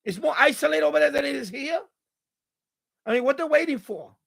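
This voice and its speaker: Male live-streamer, exasperated and profane, very high pitch, casual rant. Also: expressive, brisk, vocal fry, fairly bright tone. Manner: exasperated, swears freely. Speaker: radio hobbyist live-streamer. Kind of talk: ranting live-stream chat.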